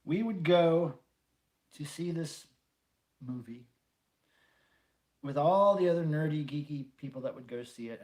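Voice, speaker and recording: Casual livestream host, middle-aged man, banters and reads chat, slightly raised pitch. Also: a little mellow. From North Carolina, USA. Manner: chatty, jokey, reads viewer comments aloud. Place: home room.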